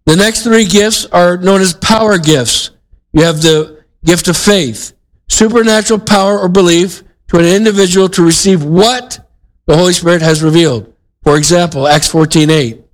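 A male pastor delivering a sermon in a casual, conversational manner. His voice sits a little high for a man. He often restarts his sentences and turns to the congregation with asides. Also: moderate pace, low-quality recording.

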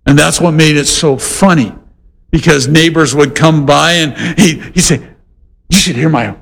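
A man preaching a sermon, animated and conversational, with playful voiced asides. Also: a little high, normal speed, vocal fry, big-room sound. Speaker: pastor.

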